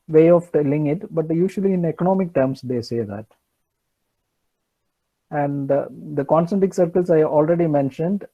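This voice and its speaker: A man's voice: a little high, warm tone, low-quality recording. A man giving an online engineering lecture, hesitant with many fillers and restarts.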